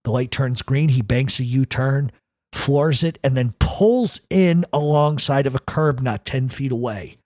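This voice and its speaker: A man's voice: mid-range voice, darkish tone, dry recording, clean studio sound. A man telling a true crime story from his own life in casual first person, swearing heavily and talking with intensity. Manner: profane, intense, rapid retelling.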